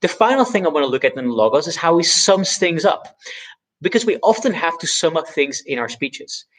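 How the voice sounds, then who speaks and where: A man with a somewhat raised voice teaches debate and public speaking. He breaks a speech down step by step in a clear, instructional manner and leans hard on the words that matter. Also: on the high side, big pitch swings, a bit bright, rough recording. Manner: explanatory, deliberately stresses key words. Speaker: debate educator. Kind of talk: instructional video analysis.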